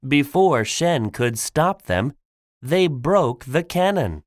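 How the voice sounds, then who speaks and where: A man narrating a simple graded-reader audiobook for learners, clear and deliberate. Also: on the high side, big pitch swings, dry recording, studio quality.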